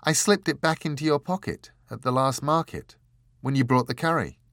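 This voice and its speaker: A man's voice: mid-range voice, moderate pace, fairly bright tone, no echo, studio quality, pitched above the performer's own voice, close to an everyday voice. A man doing a light-voiced pixie-like young woman. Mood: earnest. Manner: light, raised voice, sincere. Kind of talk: audiobook character voice.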